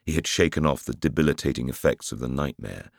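A man with an extremely low, gravelly, husky voice narrates a thriller in a measured, dramatic way. The recording is close and dry. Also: dry recording. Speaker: audiobook narrator. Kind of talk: scripted narration.

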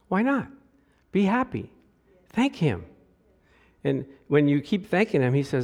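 A middle-aged pastor preaches with lively, animated energy. His voice sits high for a man and climbs louder through scripture readings. He drops into easy joking asides between verses. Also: normal speed. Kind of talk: sermon.

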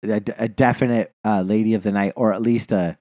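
A man's voice: lowish voice, steady tone, a little fast, warm tone, no room sound. A man co-hosting a podcast, telling a long, rambling story in casual chat, swearing and laughing often. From New Jersey. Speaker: podcast co-host.

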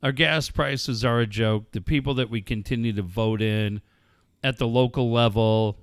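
A man hosting a casual talk show, talking in a lively way, swearing and ranting. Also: medium pitch, normal speed, clean tone, no room sound, studio quality. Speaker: host. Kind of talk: casual radio chat.

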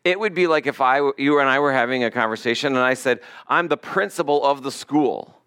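A pastor preaching a sermon in a conversational, animated way, with asides to the congregation. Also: male voice, mid-range voice, brisk, clear, resonant tone.

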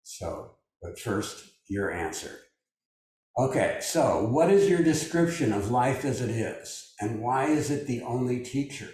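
A man's voice: medium pitch, animated, measured pace, a little mellow. An older man leading a meditation group over a video call, talking in a loose, musing way with many fillers. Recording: very echoey room, distant mic.

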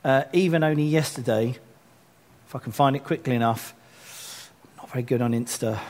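This pastor's voice is medium-pitched and brisk. Leading the church gathering, he chats through the announcements with self-deprecating humor, then grows lively when exhorting the congregation.

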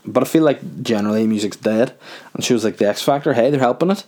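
A man's voice: mid-range voice, fast talker, a little mellow. A man hosting a podcast in a casual, rambling comedic monologue, full of "like" and swearing. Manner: rambling, jokey, with frequent swearing and "like". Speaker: podcast host and comedy club runner.

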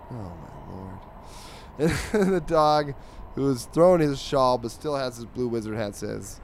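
Sarcastic guy reading comics out loud on his show, jumps way up for the quotes, noisy background w/ traffic. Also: measured pace. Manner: sarcastic, animated, voices quoted lines with big pitch jumps. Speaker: podcast host reviewing comic strips. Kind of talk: casual comedic monologue.

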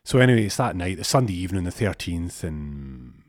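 A man's voice: low-pitched, very animated, a little fast, no echo, studio quality. A man telling a comic story in a rambling way, with stammering restarts.

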